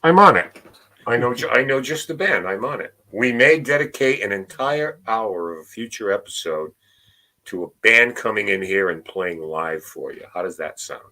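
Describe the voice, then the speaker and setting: A man with a very low voice and a bright, forceful edge rolls through a show lineup in easy, relaxed chat. He is the co-host, plugging upcoming episodes with loose, unhurried patter. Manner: relaxed, plugs upcoming shows.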